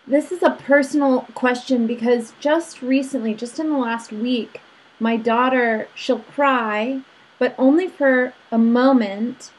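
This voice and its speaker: A woman's voice: high-pitched, rough recording. A woman hosting an interview, asking reflective and personal questions about parenting her daughter. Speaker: host.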